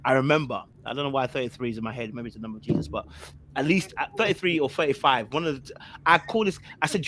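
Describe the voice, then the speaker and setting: A young man telling a story on a podcast panel. He talks in animated bursts of slang and keeps repeating himself. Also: mid-range voice, racing, slight background noise. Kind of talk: casual storytelling.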